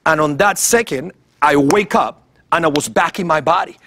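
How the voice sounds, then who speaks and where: Husky-voiced man giving emotional testimony. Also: on the high side, normal speed. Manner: animated storytelling, acts out voices, repeats words. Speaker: guest evangelist.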